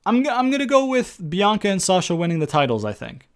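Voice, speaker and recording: A man's voice: high voice, sing-song, quick pace, clear, resonant tone. Blunt, rambling man talking wrestling. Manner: rambling, with frequent ums and restarts; blunt and profane, with sarcastic jabs. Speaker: wrestling predictions vlogger. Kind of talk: casual spoken commentary.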